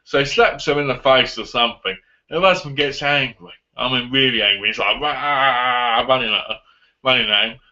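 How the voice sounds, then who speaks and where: A man casually reviewing a film on his vlog, retelling the plot in an animated way and acting out the lines. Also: mid-range voice, a little fast. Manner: animated retelling with acted-out quotes. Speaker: movie reviewer. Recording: dull lo-fi audio.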